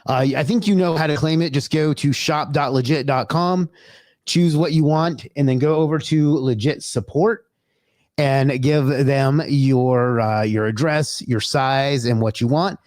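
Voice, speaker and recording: Casual livestream host, dry close sound. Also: male voice, medium pitch, fairly even intonation, measured pace, darkish tone, dry recording. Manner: loose and chatty, swears, talks to himself.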